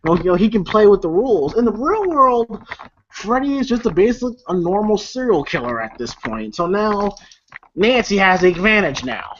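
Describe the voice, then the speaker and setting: A man's voice: sits high, sing-song, moderate pace, fairly bright tone. A man recapping a film in a loose, rambling way, with lots of fillers, swearing and chuckles. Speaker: movie reviewer. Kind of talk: casual movie recap. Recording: lo-fi with faint noise.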